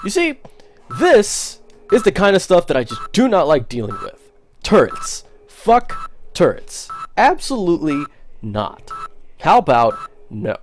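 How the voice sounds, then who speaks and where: A man's voice: a little high, wildly swooping pitch, unhurried, soft background music. A man streaming a first-person shooter, joking and talking back to the characters on screen. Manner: jokey, talks to the game characters. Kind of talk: live gameplay commentary.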